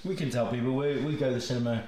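A man's voice: medium pitch, steady tone, very fast, warm tone. A man hosting a movie podcast, casual and jokey, laughing often. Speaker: podcast host. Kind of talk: casual comedic chat. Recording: roomy echo.

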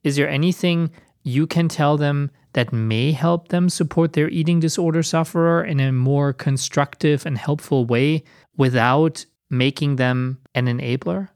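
A man hosting an interview, asking questions in a measured, encouraging way. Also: on the high side, a little mellow, no echo, studio quality. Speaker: podcast host.

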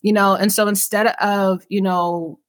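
A woman's voice: medium pitch, little pitch movement, unhurried, dry recording. A woman from California hosting a podcast, talking reflectively with many "you know" fillers and addressing listeners directly. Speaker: podcast host. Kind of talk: casual conversation on mental health.

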